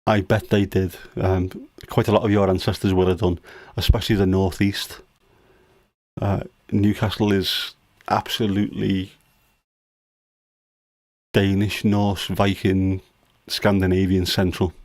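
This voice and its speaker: Teasing low-voiced dad. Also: male voice, flat delivery, measured pace, a little mellow, no room sound. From United Kingdom. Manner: teasing, jokey dad humor. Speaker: livestream host. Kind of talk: casual livestream chat.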